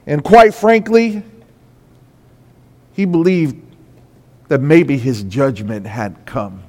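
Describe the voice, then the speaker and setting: A man's voice: sits high, slow. A man preaching a sermon as pastor, impassioned, his voice rising and falling for emphasis. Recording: long reverb of a large hall.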